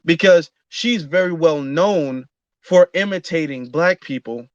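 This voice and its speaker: Guy hosting an online audio room, voice on the higher side, dull lo-fi sound. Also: measured pace, no echo. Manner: talks with frequent fillers and restarts, earnest. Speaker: host. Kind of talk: casual monologue.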